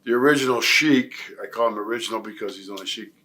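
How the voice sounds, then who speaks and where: A man's voice: on the low side, fast talker, sharp tone, a little hiss or hum. An older man from Nebraska telling long stories in a career interview, rambling with many fillers and restarts. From Nebraska, USA. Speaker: retired pro wrestler, guest.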